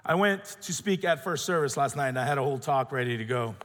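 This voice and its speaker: A middle-aged man preaching a sermon, telling a personal story in an animated way, acting out quotes and going soft and quiet in tender moments. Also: medium pitch, fast, long reverb tail. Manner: animated storytelling, acts out quotes, drops to soft tones when emotional. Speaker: pastor.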